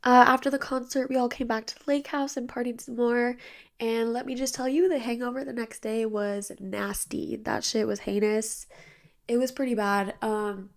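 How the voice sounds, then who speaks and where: A woman's voice: a little high, steady tone, moderate pace, gravelly. A young woman in her twenties hosting her own podcast, chatting casually and bubbly about her weekend, sounding tired and a little nasal. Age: 20s. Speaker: podcast host. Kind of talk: casual chat. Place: bedroom with blinds drawn.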